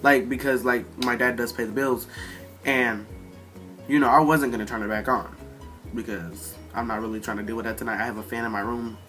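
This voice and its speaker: A man's voice: medium pitch, brisk, soft background music. A man casually telling a rambling, profane storytime about a fight at home. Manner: profane, rambling, animated retelling. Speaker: storyteller vlogger.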